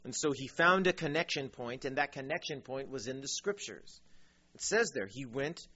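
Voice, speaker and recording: Delivering a sermon as pastor, this man speaks at medium pitch and a normal pace, his voice slightly rough on a lo-fi recording. His storytelling is lively, full of acted-out voices and humorous side remarks.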